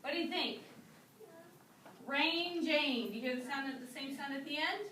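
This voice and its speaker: A woman teacher leading a classroom rhyming lesson, speaking slowly and clearly with encouraging prompts. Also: high voice, bright, forceful tone. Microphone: camera in the room. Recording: roomy classroom sound from a distance with background noise.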